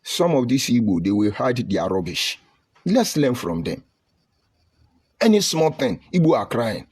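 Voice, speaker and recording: A man's voice: mid-range voice, sing-song, a little slow, darkish tone, husky. A man giving an impassioned political speech with a preaching, rhetorical delivery and emphatic lists. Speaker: political speaker.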